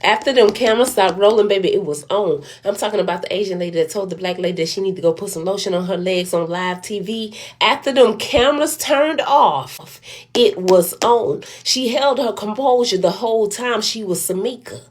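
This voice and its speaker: A woman's voice: mid-range voice, quick pace, few pauses, a little mellow. A woman tells it like juicy gossip in casual reaction commentary. Her delivery is sassy and drawn out, and she keeps calling the listener "baby".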